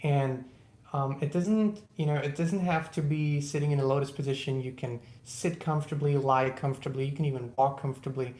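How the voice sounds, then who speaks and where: Casual livestream host, greets folks by name, goes soft and slow for breathing bits, room echo. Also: mid-range voice. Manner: chatty, greets viewers by name, slows into soft calm guidance. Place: indoors at a laptop.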